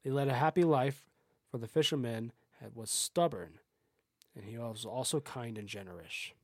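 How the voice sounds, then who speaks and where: A man's voice: medium pitch, normal speed, a little mellow, dry recording. Podcast guy reading an old folktale, mid voice, trips over words now and then, dry mic. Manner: storytelling with small stumbles and self-corrections. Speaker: podcast host.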